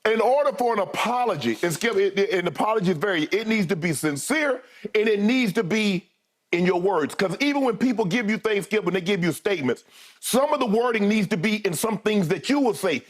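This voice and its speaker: A man's voice: high-pitched, lively intonation, a little fast. A man co-hosting a sports debate show, talking animatedly and addressing his co-host again and again.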